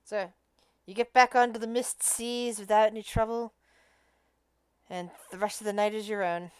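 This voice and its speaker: Smooth-voiced woman game master. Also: medium pitch, steady tone, normal speed, no echo. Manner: thinks aloud with frequent restarts. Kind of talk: narrating a tabletop game.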